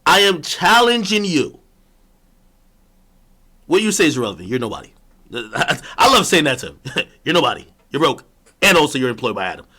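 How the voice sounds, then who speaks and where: A man ranting in a solo monologue, mocking and boastful, going from loud taunts to low muttered asides. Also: sing-song, moderate pace, pauses often, slightly rough. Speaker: streamer.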